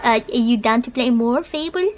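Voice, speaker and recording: A woman streamer hosting a casual call with friends, teasing and excitable. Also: fairly high pitch, faint music behind. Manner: teasing, excitable, slow-spoken. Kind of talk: casual chat between gamer friends.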